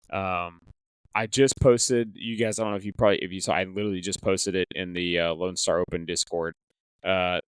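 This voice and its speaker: A tournament organizer appearing as a podcast guest rambles through tournament stories, full of fillers and restarts. He speaks into a headset in a low, clear, resonant voice, with no room sound.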